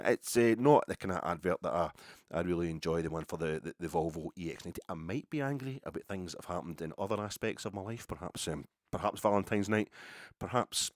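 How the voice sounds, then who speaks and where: Scottish male podcast host with a low voice, sardonic, rambling solo talk, dry close recording. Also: expressive, quick pace, no echo.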